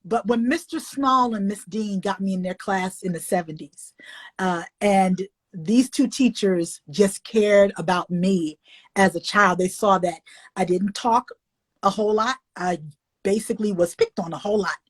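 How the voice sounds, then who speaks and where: A woman's voice: a little slow, husky. An older woman, an author and illustrator, talking in a folksy, emotional way on a video call interview. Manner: expressive, folksy, emotional, swings up high when animated. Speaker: children's book author and illustrator.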